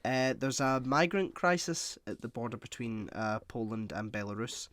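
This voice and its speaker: A man's voice: medium pitch, fairly even intonation, normal speed, a bit bright, no echo. Dry, teasing man. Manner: teasing, dry, brings up news topics. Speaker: podcast co-host. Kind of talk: casual podcast banter.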